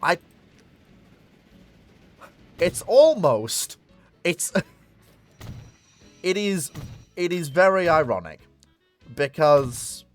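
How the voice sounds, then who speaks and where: Very animated and fairly high-pitched, this man draws out his words and leaves long pauses while soft background music plays. He's casually commenting on a strategy game he's playing on a live stream, rambling, self-mocking, and talking to himself and the game.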